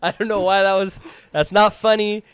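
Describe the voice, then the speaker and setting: A young man co-hosting a podcast in casual chat, reacting with jokes and quick comments. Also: sits high, flat delivery, fairly bright tone, clean tone, dry recording, clean studio sound. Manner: joking, reactive listener. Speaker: podcast co-host.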